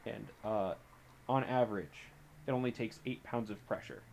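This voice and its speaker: A man's voice: fairly low pitch, moderate pace, gravelly, darkish tone, slight background noise. A man appearing as a guest on a livestream, chatting casually and laughing easily. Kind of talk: casual conversation.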